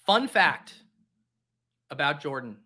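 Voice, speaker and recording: A man's voice: on the high side, very animated, slow pace, pushed and bright, slightly rough. A young man hosting a live stream, chatting casually in a jokey, rambling, caffeinated way. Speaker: livestream host. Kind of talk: casual livestream chat.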